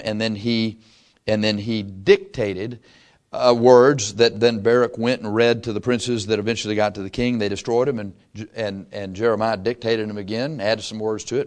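A man's voice: on the low side, steady tone, moderate pace, darkish tone. A man, a pastor, teaching the Bible to his congregation in an easygoing, storytelling way, often asking them questions. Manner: conversational storytelling, asks the congregation questions, chuckles.

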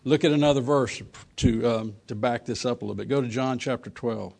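Male preacher, gravelly mid-pitched voice, slow scripture reading, casual asides. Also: a little mellow. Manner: reads King James verses slowly, then talks plainly with fillers.

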